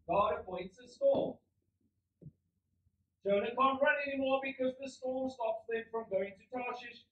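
A man with a South African accent preaching a sermon as pastor, telling a Bible story with lively asides and acting out the characters. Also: high voice, slight background noise. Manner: animated storytelling, acts out biblical characters. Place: church hall. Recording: roomy, distant, slightly dull church recording.

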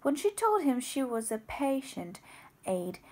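A woman's voice: high voice, very animated, measured pace, slightly rough. A woman narrating an audiobook, reading expressively and voicing the characters. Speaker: audiobook reader.

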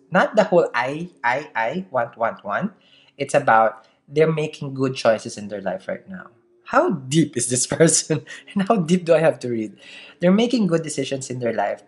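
Tarot reader, solo to camera. Chatty, laughs a lot, slight accent, mid-pitched voice. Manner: chatty, laughs often, keeps asking "okay?". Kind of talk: casual daily tarot reading to camera.

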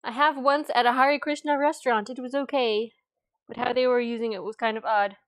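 Her voice is on the high side, steady and brisk, as she hosts a casual cooking stream at home. Wearing a lavalier mic in the kitchen, she chats and reads comments aloud while cooking.

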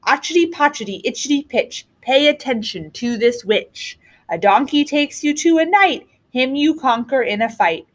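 A crooning old witch, put on by a woman reading a storybook aloud, chanting spells in a sing-song rhyme. The voice sits high and swoops widely up and down. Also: lively intonation, normal speed. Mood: gleeful.

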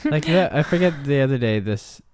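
A man co-hosting a casual podcast, telling rambling stories with halting restarts and acting out what people said. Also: mid-range voice, expressive, a little mellow, no room sound, clean studio sound. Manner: rambling storyteller, halting restarts, acts out quotes. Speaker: podcast co-host. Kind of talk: casual chat.

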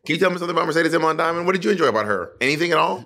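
A man co-hosting a podcast, chatting casually, teasing his co-host and telling stories with drawn-out phrasing. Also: a little high, expressive, bright, forceful tone. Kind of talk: casual banter.

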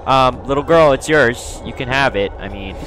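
A young man doing let's play commentary on a horror game, chattering nervously and breaking into loud, panicked yelps. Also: mid-range voice, normal speed, a little hiss or hum. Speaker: gaming YouTuber. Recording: game music loud behind the voice.

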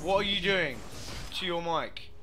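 A man giving profane, excitable commentary over his own gameplay as host of a gaming video, talking into a gaming headset. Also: a little high, a little slow, noisy background. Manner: profane, excitable, yelling in bursts.

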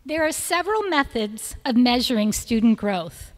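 A woman reading prepared tributes to graduating students at a school ceremony, in a measured, list-like delivery of praise. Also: a little high, lively intonation. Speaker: school speaker presenting seniors. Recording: long reverb of a large hall.

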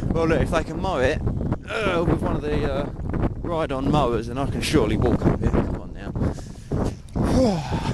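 An English man vlogs while walking outdoors through dunes and woods, chatting casually and joking at his own expense. His voice is a little high, his pace normal, and he pauses often. The camera recording is noisy.

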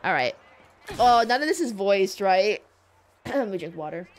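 A woman's voice: mid-range voice, expressive, unhurried. A young woman streaming a game and chatting casually, rambling with lots of fillers and restarts.

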